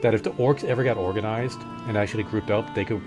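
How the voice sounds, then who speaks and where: A fast-talking man with a low-leaning voice streams a game with music behind him, chatting casually and wandering through long lore explanations heavy on filler.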